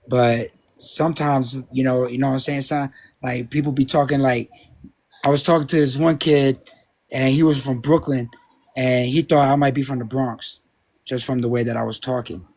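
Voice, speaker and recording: Man doing a New York street voice, slangy, drawn-out, mid pitch. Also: steady tone, darkish tone, natural voice. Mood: boastful. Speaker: live stream co-host.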